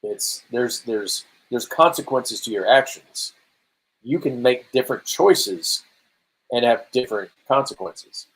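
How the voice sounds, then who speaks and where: A man with a somewhat husky voice talks casually on a podcast about video games. He tells stories in an animated way and slips into little acted-out quotes. His pitch sits in an ordinary middle range. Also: measured pace, poor audio. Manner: animated storytelling, acts out quotes. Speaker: podcast co-host.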